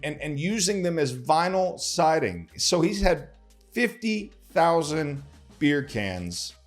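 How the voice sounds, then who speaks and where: Folksy man hosting a vlog. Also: fairly high pitch. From Texas. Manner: folksy, chatty, repeats words when stumbling. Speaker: host, local lender. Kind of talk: casual vlog talk to camera.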